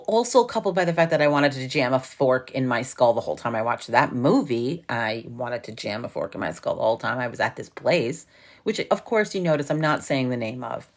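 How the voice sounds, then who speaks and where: Low-voiced, profane New York woman. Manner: profane, laughing storyteller. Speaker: livestream host. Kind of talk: casual livestream chat.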